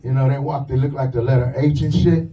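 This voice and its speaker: A man doing a stand-up comedy set in a club, telling crude, punchy stories with quick asides. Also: medium pitch, fairly even intonation, mellow, recorded from a distance, a little hiss or hum, low-quality recording. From lives in the USA.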